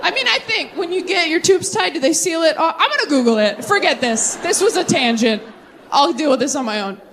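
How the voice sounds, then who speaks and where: A young woman doing live stand-up and crowd work, brash and profane, with quick tangents. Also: high voice, lively intonation, background noise. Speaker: stand-up comedian. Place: comedy stage before a live audience.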